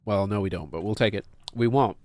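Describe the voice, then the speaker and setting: Male streamer, low-ish voice, casual think-aloud commentary, dry close mic. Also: a little fast, a little mellow, no echo. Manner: thinking aloud, talking to himself and chat. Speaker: game streamer.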